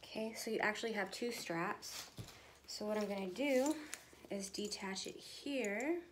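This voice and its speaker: A woman's voice: mid-range voice, measured pace. Chatty woman vlogger, noisy home video. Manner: chatty, talks straight to viewers. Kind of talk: casual unboxing chat.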